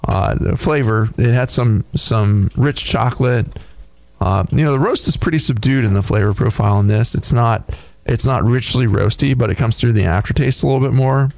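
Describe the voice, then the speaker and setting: A man co-hosting a beer podcast, casually describing a tasting in a thoughtful, halting way with many fillers. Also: mid-range voice, gravelly, a little mellow, no room sound. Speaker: podcast co-host reviewing beer.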